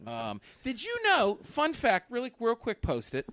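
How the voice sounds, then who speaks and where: A man co-hosting a casual chat, telling stories in an animated, joking way. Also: very high-pitched, a little slow. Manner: animated, jokey storyteller. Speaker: podcast co-host.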